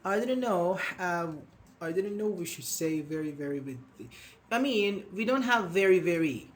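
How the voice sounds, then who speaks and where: A man's voice: sits high, animated, moderate pace. A man teaching an online grammar class, patiently explaining with examples and praising his students. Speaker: English teacher.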